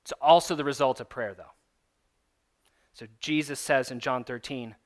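A man's voice: medium pitch, steady tone, moderate pace, long pauses. A man preaching a sermon in a conversational, emphatic teaching manner, with casual asides to his listeners. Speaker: pastor.

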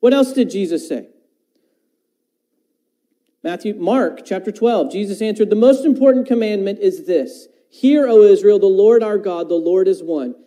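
A man's voice: high voice, normal speed, warm tone, low-quality recording. A man preaching a sermon, quoting scripture and asking his listeners questions. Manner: talks about teaching his own children.

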